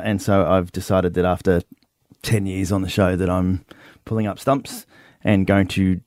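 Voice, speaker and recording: An Australian man co-hosting a breakfast radio show in a studio, speaking emotionally with halting pauses and fillers. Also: on the low side, no room sound. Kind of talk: on-air farewell chat. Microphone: studio microphone.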